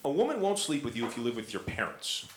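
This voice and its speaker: A young man does a stand-up set in a rambling, self-mocking way, full of fillers. His pitch swoops up and down a lot. The sound is roomy and echoey, with crowd noise in the background. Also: wildly swooping pitch, fast. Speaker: stand-up comedian. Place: comedy club stage with audience. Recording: echoey club, audience noise.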